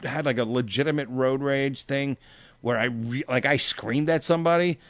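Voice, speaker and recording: A man in casual chat, telling stories with lots of swearing and acting out his own shouting. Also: mid-range voice, moderate pace, no echo. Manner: profane, animated, acts out his own yelling.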